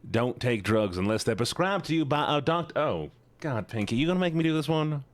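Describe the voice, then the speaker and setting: A man's voice: expressive, brisk, no room sound. A man livestreaming, chatting casually and playfully with his viewers, often joking at his own expense. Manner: playful, self-mocking, with sudden jumps in pitch. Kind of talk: casual chat to stream viewers.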